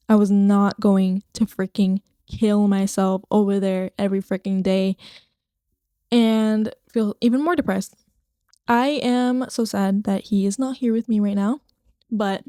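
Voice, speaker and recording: Chatty young woman, mellow dry voice. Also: medium pitch, lively intonation, unhurried, no room sound. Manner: rambling, chatty, swears casually. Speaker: podcast host. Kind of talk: casual solo podcast chat. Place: home, recording to her computer screen. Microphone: podcast microphone.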